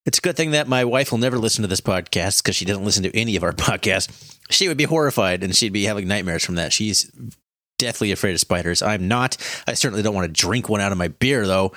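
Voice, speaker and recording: Laid-back low-voiced podcast co-host. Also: male voice, fast, no room sound, clean studio sound. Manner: relaxed, joking, laughs often. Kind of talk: casual chat.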